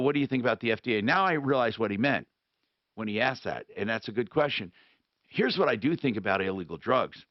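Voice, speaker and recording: A man hosting a call-in radio show who rambles and restarts, his pitch swooping lively up and down. The voice sounds close and dry, with no room around it, but comes through a dull, lo-fi broadcast sound. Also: dry recording. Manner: animated, rambling, thinks out loud with restarts. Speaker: radio talk show host. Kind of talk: casual call-in radio talk.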